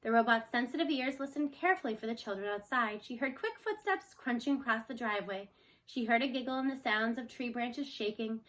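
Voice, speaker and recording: Woman storyteller, expressive read-aloud, bright voice. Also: on the high side, fairly quick. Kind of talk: reading a children's book aloud.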